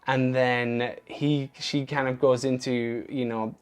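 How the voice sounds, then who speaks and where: A man's voice: mid-range voice, little pitch movement, slow, clean tone. A man talking casually to his viewers in an open, earnest and emotional way. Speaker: vlogger. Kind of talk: casual talk to camera.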